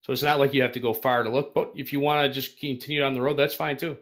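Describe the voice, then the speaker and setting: Male game master, mid-pitched, halting and filler-heavy delivery. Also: level tone, fairly bright tone. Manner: halting, many fillers and restarts. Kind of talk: running a tabletop game over voice chat.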